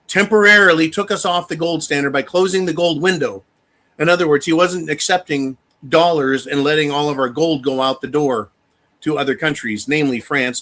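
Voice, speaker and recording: A man's voice: a little high, a bit bright. A man hosting a casual livestream, talking emphatically and swearing freely as he addresses viewers as folks. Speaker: livestream host.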